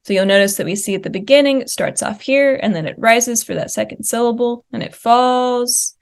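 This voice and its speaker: A woman's voice: mid-range voice, vocal fry. Woman giving a linguistics conference talk. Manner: explanatory, walks through slide examples; uses fillers like uh and um. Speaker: linguist presenting research. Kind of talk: conference presentation.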